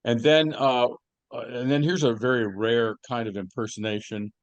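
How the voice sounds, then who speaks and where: A man's voice: mid-range voice, fairly even intonation, moderate pace, no room sound, muffled recording. A man co-hosting a podcast, chatting casually and telling rambling stories with plenty of fillers and restarts. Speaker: podcast co-host. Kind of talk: casual chat.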